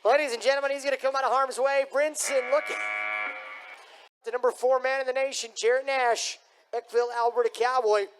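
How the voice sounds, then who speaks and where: A man announcing a live bull riding event in an arena, booming and hyping up the crowd. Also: steady tone, brisk, a little hiss or hum. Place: rodeo arena.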